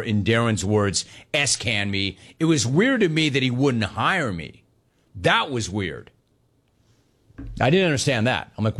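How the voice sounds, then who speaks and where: A man hosting a sports talk show, reading listener messages and telling stories in a jokey, animated, digressive way. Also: mid-range voice.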